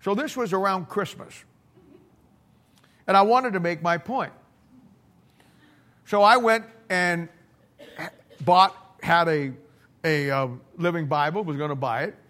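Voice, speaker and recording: A man's voice: sits high, takes it slowly, long pauses, fairly bright tone. A middle-aged man preaching in a folksy, blunt, conversational way, often repeating words and restarting as he tells stories. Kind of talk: conversational sermon storytelling.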